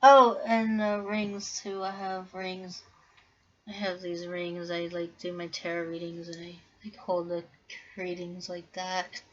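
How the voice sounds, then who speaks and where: A woman talks casually to her viewers, rambling a little and filling gaps with "um" and "like". Her voice sits a bit low for a woman. The recording sounds dull and lo-fi. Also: monotone, a little slow. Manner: rambling, many fillers and restarts. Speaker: vlogger. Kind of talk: casual vlog talk.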